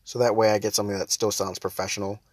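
A man's voice: on the low side, level tone, very fast, dry recording, clean studio sound. A young man hosting his own show, ranting sarcastically and laughing often while he nurses a headache. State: has a headache, holds back laughter. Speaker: podcast and stream host. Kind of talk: casual solo monologue.

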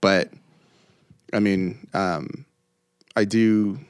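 Young man, low voice, chatty and rambling, acts out people's voices in his stories, dry close sound. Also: drawn-out words, smooth, no room sound. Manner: rambling and animated, laughs often, mimics voices in anecdotes. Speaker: comedian guest. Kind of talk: casual podcast chat.

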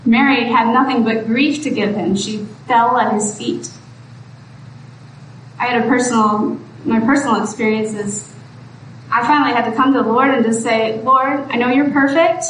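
A woman's voice: fairly high pitch, fairly even intonation, moderate pace, long pauses. A woman preacher giving a sermon in an earnest, pleading way that rises to exhortation. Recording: echoey room from far off, faint background noise.

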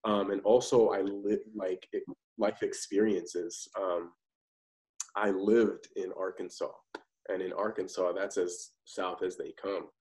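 A man's voice: deep voice, little pitch movement, unhurried, a little mellow, poor audio. A man, an actor and podcast guest, talking in a loose, confident, conversational way. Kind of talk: casual interview chat.

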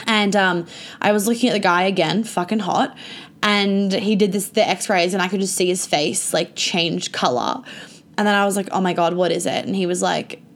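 Young woman vlogger, mid-pitch, loose storytime delivery, lots of fillers and cursing. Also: moderate pace. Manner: chatty, full of "like" and frequent swearing. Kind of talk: casual storytime monologue.

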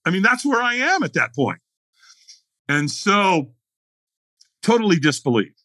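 A man's voice: high-pitched, big pitch swings, a little slow, pushed and bright, dry recording. A man telling a dramatic story as a podcast guest, acting out the scene in voices. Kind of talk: animated storytelling.

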